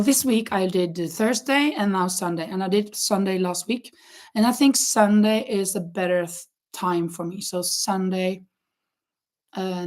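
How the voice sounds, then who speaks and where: A woman hosting a crochet livestream, chatting casually with viewers, with many fillers and restarts and frequent laughs. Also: medium pitch. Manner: laughs often.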